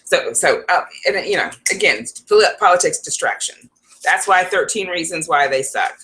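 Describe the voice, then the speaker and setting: Bright-voiced woman psychic rambling. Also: fairly low pitch, lively intonation, moderate pace. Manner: rambling, laughs often, talks to viewers. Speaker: psychic advisor. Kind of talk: casual rambling vlog talk.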